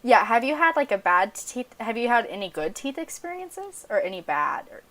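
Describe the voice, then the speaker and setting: A woman's voice: a little high, sing-song, moderate pace, fairly bright tone. A young American woman hosting a podcast, chatting frankly and laughing easily. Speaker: podcast host. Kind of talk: casual chat.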